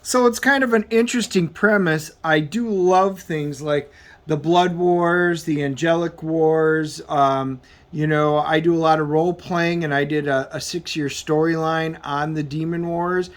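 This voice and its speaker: A man giving a casual comic book review as he flips through the pages, rambling and halting with plenty of filler words. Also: on the high side, fairly even intonation. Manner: rambling, halting, full of um and you know.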